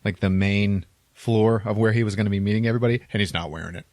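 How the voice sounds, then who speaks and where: Man, podcast co-host, casual movie recap, acts out quotes, low voice, dry close mic. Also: quick pace, no echo. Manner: animated retelling with acted-out quotes and laughter.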